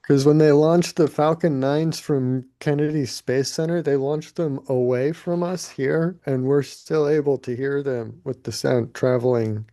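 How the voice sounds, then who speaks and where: A man's voice: medium pitch, fairly even intonation, measured pace, hardly any pauses, mellow, no room sound. A man co-hosting a casual live podcast chat, explaining things in a thoughtful way.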